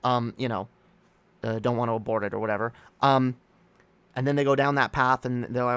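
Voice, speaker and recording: A man hosting a casual livestream, talking in a rambling, halting way with many restarts and reading viewer comments aloud to react to them. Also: mid-range voice, flat delivery, fairly bright tone, clean tone, dry recording. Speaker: streamer host.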